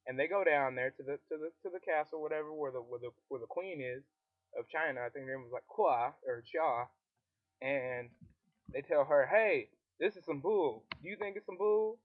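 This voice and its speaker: A man retelling history in a rambling, slangy, comedic way, full of ums. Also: mid-range voice. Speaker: video presenter. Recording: tinny phone-like audio.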